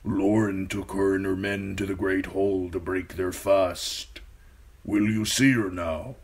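A man voicing a quiet male servant who speaks in a slow, measured way. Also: low voice, little pitch movement, slightly rough, heavily acted. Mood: deferential.

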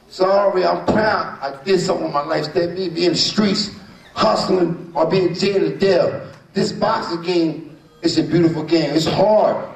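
An older boxer from New Jersey speaks at a press conference in a high, gravelly voice. He rambles and boasts playfully. The sound is echoey and comes from off the mic. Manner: rambling, boastful, playful, leans on "you know what I'm saying". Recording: echoey room from far off.

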